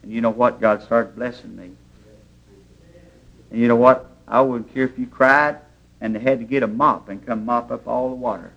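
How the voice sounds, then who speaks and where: A man's voice: mid-range voice, normal speed, gravelly, fairly bright tone, muffled recording. A man preaching a sermon in a church, telling stories in plain, homespun grammar. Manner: folksy storytelling preaching, plain rural grammar.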